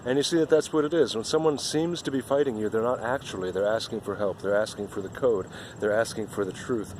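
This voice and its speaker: A man's voice: fairly low pitch, a little fast, darkish tone, a little hiss or hum. A man giving an earnest, rambling spiritual monologue outdoors, often repeating himself.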